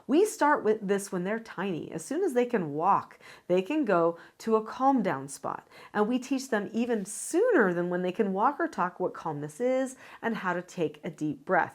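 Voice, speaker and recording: An older woman who teaches parenting, speaking straight to viewers in an earnest, demonstrative way. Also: mid-range voice. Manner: earnest, demonstrative, acts out voices as examples. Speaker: parenting educator. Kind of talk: direct-to-camera teaching.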